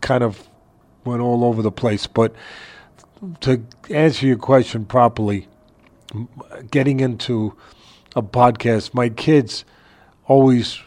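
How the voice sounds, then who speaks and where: An older man, a boxing trainer, telling a story in a casual interview from his home, animated and laughing as he talks. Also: mid-range voice, takes it slowly, long pauses. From New York area.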